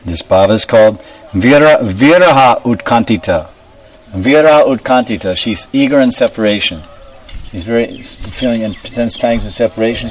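A man giving a devotional class, explaining terms and asking his listeners questions. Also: medium pitch. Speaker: spiritual teacher. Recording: distant mic, faint background noise.

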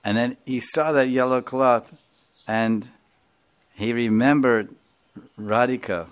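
A man's voice: medium pitch, fairly even intonation, slow, clear, resonant tone. A man giving a sermon, telling a devotional story and explaining its terms. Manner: explains terms, laughs, acts out figures.

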